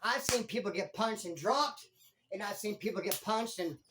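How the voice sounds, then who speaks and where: Animated slangy man telling prison stories. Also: high-pitched, normal speed, noisy background. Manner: animated, slangy street talk. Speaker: former prisoner, channel host. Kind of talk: casual storytelling vlog.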